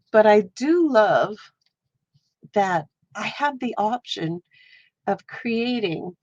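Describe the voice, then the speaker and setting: Stuffy-nosed and painting as she talks, this livestream host chats with viewers during a casual watercolour stream. Her voice is mid-range with a darkish tone, and the recording is dry and muffled.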